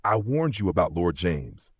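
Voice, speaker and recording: A man voicing a cold, calculating aristocratic husband who speaks in a tight, sharp way. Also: fairly low pitch, sing-song, normal speed, slightly rough, dry recording, pitched above the performer's own voice, full character voice.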